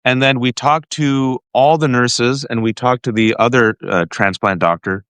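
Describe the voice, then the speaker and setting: A man in a podcast interview tells a deeply personal story with emotional intensity. He talks in a lively, animated way, stumbling and restarting as he goes. His voice sits at an ordinary middle pitch, and the sound is dry and close. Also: normal speed, clean tone, no echo. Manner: animated, emotional, frequent restarts and direct address to the guest. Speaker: podcast host. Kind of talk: heartfelt personal storytelling to a guest.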